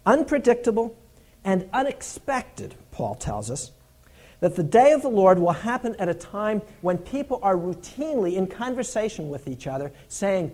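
A man preaching a sermon in an earnest, emphatic way, repeating his key points and dropping to a low, hushed tone when he tells stories.

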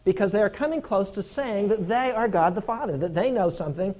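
A man preaching a sermon in an earnest, emphatic way, repeating his key points and dropping to a low, hushed tone when he tells stories. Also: a little fast.

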